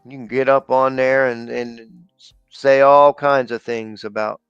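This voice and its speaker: A man's voice: mid-range voice, fairly even intonation, unhurried, fairly bright tone, clean tone, no echo, muffled recording, soft background music. A man co-hosting a casual livestream, talking loosely and rambling with slang and fillers.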